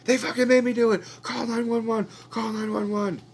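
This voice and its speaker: A man acting out a frantic tied-up man who screams profanity and nearly sobs, much higher than his own voice. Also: little pitch movement, fairly quick, gravelly, slight background noise. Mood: desperate pleading. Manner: shrieking, profane, near sobbing.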